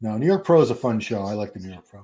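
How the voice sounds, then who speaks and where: A man's voice: lowish voice, expressive, very fast, warm tone. A man in his fifties hosting a live watch party stream, chatting casually, restarting his sentences and talking to the chat. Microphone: streaming setup.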